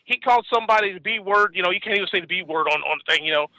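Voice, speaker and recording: A man's voice: sits high, very fast, pushed and bright, no room sound, rough recording. A man in his forties telling a story in casual chat, rambling and acting out the voices of the people he quotes. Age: 40s.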